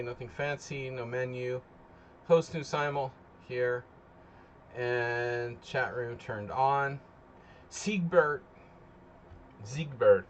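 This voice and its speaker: Hosting a live chess simul stream, a man with a mid-range voice rambles loosely to his chat while setting up, a bit tired after a nap. There's slight background noise.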